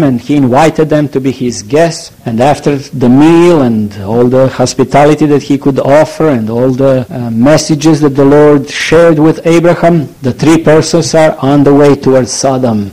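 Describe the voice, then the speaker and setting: Male preacher, earnest and halting sermon delivery, warm mellow tone. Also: fairly high pitch, low-quality recording. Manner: halting, searching for words, earnest.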